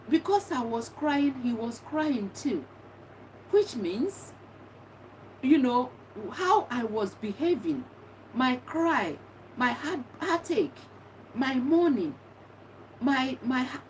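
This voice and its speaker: A woman's voice: sits high, darkish tone, distant mic, a little hiss or hum, poor audio. A middle-aged woman earnestly telling a personal story of grief, repeating herself as she reflects. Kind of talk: personal testimony monologue.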